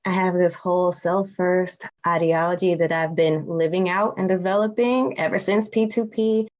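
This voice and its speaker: A woman's voice: on the low side, fairly even intonation, darkish tone, dull audio. A woman in her thirties, a podcast guest, talking candidly and reflectively in casual conversation. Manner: candid and reflective, with quick laughs.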